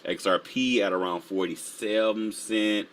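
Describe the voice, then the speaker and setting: A man's voice: on the low side, measured pace. A man hosting a casual live stream, full of energy, laughing often and reading the chat aloud. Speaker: livestream host.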